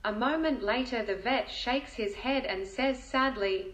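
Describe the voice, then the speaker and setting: A woman's voice: a little high, slow pace, few pauses. Woman narrating a joke in a roomy space. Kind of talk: reading a joke aloud.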